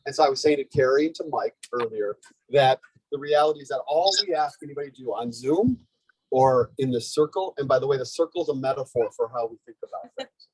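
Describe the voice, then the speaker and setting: A man giving a lively, conversational speech to a live audience at a community organizing event, often checking in with "okay?" and "right?". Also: medium pitch, fast, breathy edge, no room sound, poor audio. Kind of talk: energetic storytelling speech.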